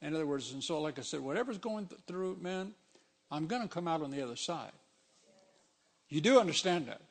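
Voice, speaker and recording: A man preaching a sermon in a loose, conversational way, driving his points home with emphasis. His voice sits high and has a gravelly rasp. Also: expressive, fairly quick.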